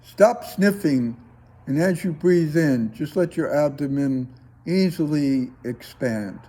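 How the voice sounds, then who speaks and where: A man guides a breathing class in a slow, coaxing teaching voice. His tone is mellow and a little husky, pitched somewhat high for a man. He takes his time, leaving pauses between short cues.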